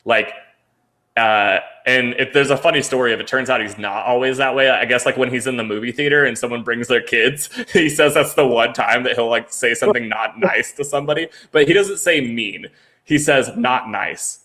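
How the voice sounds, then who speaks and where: This podcast co-host has a mid-range, bright, forceful voice and speaks at a moderate pace. He meanders through stories on a casual sports show, leaning on fillers and laughing along the way.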